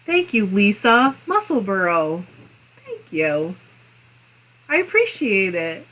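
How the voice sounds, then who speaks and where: Midwestern woman host, mid-pitched voice, casual and chatty as she reads viewer comments aloud on a live crafting stream. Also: sing-song, slow, pushed and bright, poor audio. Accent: Midwestern American. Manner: chatty and friendly, muses aloud with small laughs.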